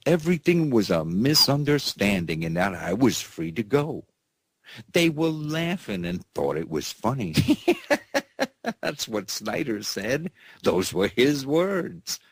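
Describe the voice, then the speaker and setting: A man's voice: deep voice, creaky, slightly rough, dry recording. A man hosting an alternative news show, reading headlines with folksy sarcasm and mocking laughter. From United States.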